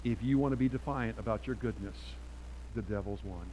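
A man preaching a sermon to a church congregation, switching between forceful appeals and quiet storytelling. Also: lowish voice, fairly quick, a little hiss or hum, low-quality recording. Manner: emphatic, swings from loud exhortation to quiet storytelling. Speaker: pastor.

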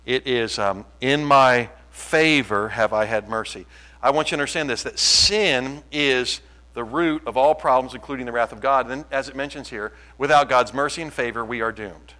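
A man preaching a sermon, impassioned and swinging from quiet to loud. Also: medium pitch, moderate pace, low-quality recording. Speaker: pastor.

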